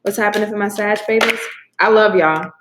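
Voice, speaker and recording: Speaking fairly quickly in a medium-pitched voice, a tarot reader does a casual reading on camera. The room is echoey with background noise, and she's effusive, cursing freely and addressing her viewers directly.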